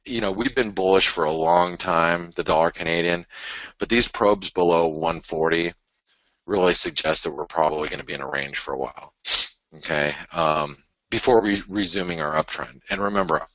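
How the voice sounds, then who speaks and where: A man hosting a live forex show, walking through price charts in an animated, restless way, often restarting sentences and arguing with imagined viewers. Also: low voice, no room sound, lo-fi sound. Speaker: forex market show host. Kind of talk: live trading chart analysis.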